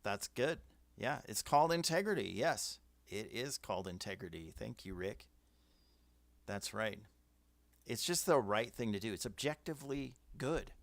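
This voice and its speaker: A man's voice: fairly low pitch, vocal fry, no room sound. A man hosting a casual livestream, giving firm opinions and reading out viewer comments. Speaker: livestream host. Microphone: webcam setup.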